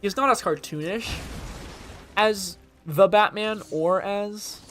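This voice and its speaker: A man's voice: high-pitched, takes it slowly, fairly bright tone, slight background noise. A young man streaming a video game, rambling casually and trying out voice impressions between moves. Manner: chatty, jumps between topics, tries voice impressions.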